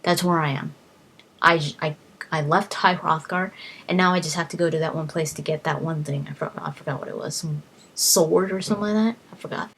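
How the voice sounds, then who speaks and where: The low, husky voice of a woman chatting about a game she loves. She rambles eagerly, tripping over and repeating her words. It sounds like a casual, unscripted gaming vlog. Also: steady tone, fairly quick, fairly bright tone. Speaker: gaming vlogger.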